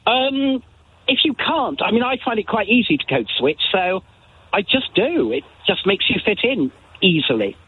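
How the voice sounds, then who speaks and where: A man's voice: high-pitched, big pitch swings, normal speed, breathy edge. An older retired man calling in to a radio phone-in, talking hesitantly with many ums. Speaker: caller. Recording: tinny phone line.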